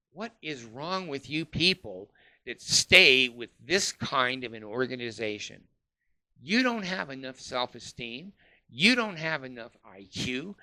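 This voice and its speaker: A man's voice: medium pitch, creaky, pushed and bright. A man delivering a scornful, profane ranting monologue, full of uh fillers. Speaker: commentator.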